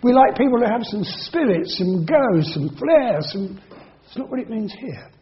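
A man preaching a sermon in an earnest, measured teaching manner, slowing down and repeating words for emphasis. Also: high-pitched, expressive. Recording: dull lo-fi recording.

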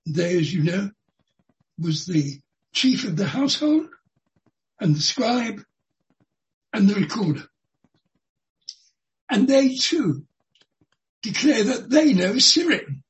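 A preacher giving an expository sermon in a deliberate way, repeating key phrases for emphasis. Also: mid-range voice, big pitch swings, dull audio. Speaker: Bible teacher.

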